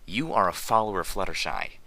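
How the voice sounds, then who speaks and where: A man voicing a small, angry young female pony in a storybook reading, cold and sharp. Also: deep voice, lively intonation, brisk, vocal fry, no room sound, exaggerated voice. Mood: cold anger.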